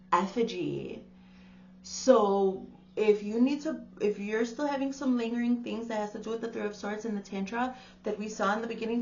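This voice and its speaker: A chatty woman reads tarot cards aloud in a loose, exclaiming way, calling her listener darling. Her voice sits at a middle pitch. The recording is dull and lo-fi, with a faint hum underneath. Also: gravelly, a little mellow. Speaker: tarot reader. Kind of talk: casual spiritual reading to camera.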